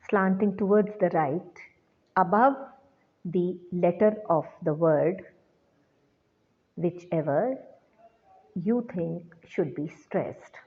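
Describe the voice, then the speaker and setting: A woman teacher giving a recorded lecture, explaining slowly and deliberately to students. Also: fairly low pitch. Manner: slow, deliberate classroom explanation. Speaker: English teacher. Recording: tinny phone-like sound.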